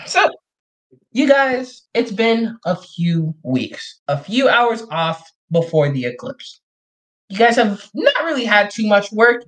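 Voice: mid-range voice, a bit bright, low-quality recording. A game master narrating a tabletop role-playing session in a loose, joking, chatty way.

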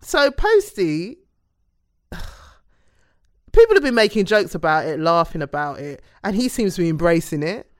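A woman's voice: lowish voice, big pitch swings, measured pace, pauses often. Giggly woman chatting casually. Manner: giggly, trails off and restarts. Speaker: podcast co-host. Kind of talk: casual chat.

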